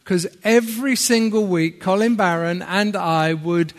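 Northern English male preacher, middle-aged, high voice, chatty asides, echoing church hall. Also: unhurried, a little hiss or hum. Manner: chatty and self-deprecating, with asides. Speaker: visiting preacher. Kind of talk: sermon. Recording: long hall reverb.

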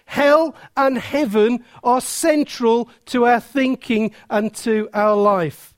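A man with a strikingly high voice delivers an earnest sermon as pastor. He speaks slowly and deliberately, pausing often between phrases. The sound is close and dry. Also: no room sound. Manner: earnest, measured preaching with frequent pauses.

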